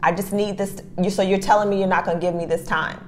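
This is a woman co-hosting a relaxed podcast conversation. She tells stories with animated energy, acting out each side. A faint hum of noise sits behind her voice. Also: mid-range voice, fast talker. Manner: animated storyteller who acts out both sides of a text exchange. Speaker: podcast co-host. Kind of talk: casual chat.

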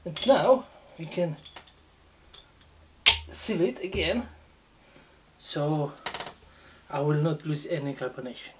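A woman hosting a casual beer tasting review, talking in a slow, halting way with many fillers. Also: deep voice, expressive, noisy background.

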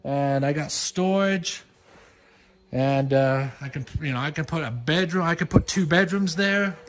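A man's voice: a little high, a little slow, a bit bright. A man in his thirties, a dad hosting a family vlog, venting in an exasperated, rambling way full of fillers, filmed on a handheld camera at home. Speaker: dad and family channel host. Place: family home, office and basement.

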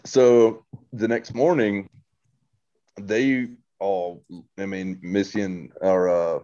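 Casual male storyteller, low pitched, swears and rambles, muffled lo-fi recording. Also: steady tone, slow pace, mellow. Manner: rambling ghost story with restarts, swearing and quoted voices. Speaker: podcast guest, host's brother.

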